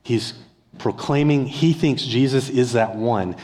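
A middle-aged pastor preaching a conversational sermon, asking his listeners rhetorical questions and acting out a beggar's yelling in places. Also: medium pitch, measured pace. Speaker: discipleship pastor. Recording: long hall reverb.

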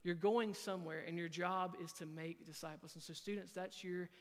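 Youth pastor, male, high-pitched, earnest sermon delivery, echoey church hall. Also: steady tone, normal speed. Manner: earnest, quotes scripture, frequent fillers. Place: church sanctuary.

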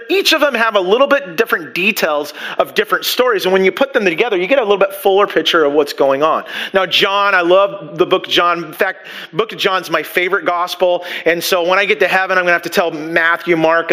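A pastor preaching a sermon in a church, talking in a loose conversational way with many restarts and asides. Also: male voice, sits high, pushed and bright, poor audio.

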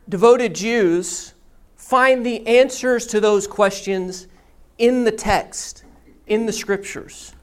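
A pastor preaching a sermon, telling a story and teaching in a deliberate storytelling manner. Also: mid-range voice, clear, resonant tone.

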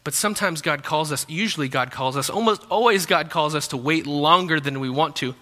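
A man's voice: fairly high pitch, a little fast, pushed and bright. A young man preaching a sermon as pastor, talking in a conversational, joking way. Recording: long hall reverb.

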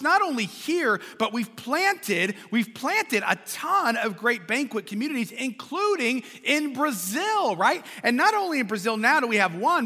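The very high voice of this preaching pastor sounds pushed and bright. He addresses the congregation of a large church conversationally, repeating words and asking them questions, with long church reverb on the recording.

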